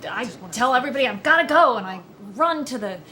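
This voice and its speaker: A woman telling a story on a film commentary track, animated and acting out the people in it. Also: high voice, fast talker, soft background music. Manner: animated storyteller, acts out phone calls.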